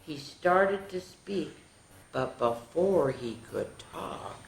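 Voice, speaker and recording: Woman, children's storyteller, expressive sing-song reading, unhurried, roomy echo. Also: deep voice, vocal fry, a little hiss or hum. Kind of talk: reading a picture book aloud to kids. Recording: echoey room.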